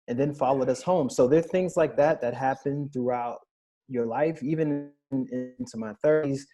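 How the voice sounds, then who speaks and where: A man's voice: medium pitch, moderate pace, dark tone. A man in his thirties on a podcast panel, earnestly recounting personal stories in a candid discussion.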